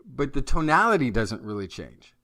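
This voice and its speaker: A man co-hosting a science podcast, talking in an animated, joking way with stumbles and self-corrections. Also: mid-range voice, moderate pace. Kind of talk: casual science chat.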